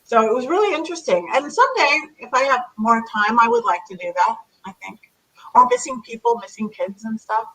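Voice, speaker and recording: Bright, husky-voiced chatty woman. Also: fairly high pitch, fairly quick, low-quality recording. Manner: chatty, animated, acts out commands to spirits. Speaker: psychic medium guest. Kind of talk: casual interview chat.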